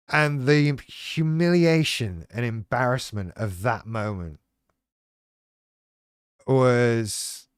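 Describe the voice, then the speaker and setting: A man's voice: lowish voice, no echo, studio quality. A man telling a personal story in a rambling, self-deprecating way with a lot of swearing. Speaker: channel host talking about living with BPD. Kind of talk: casual personal monologue.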